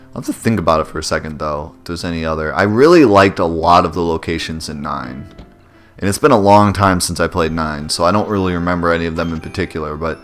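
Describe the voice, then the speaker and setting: Deep-voiced man rambling over gameplay. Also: fairly bright tone. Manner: rambling and self-deprecating. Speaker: let's play host. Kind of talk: casual gameplay commentary.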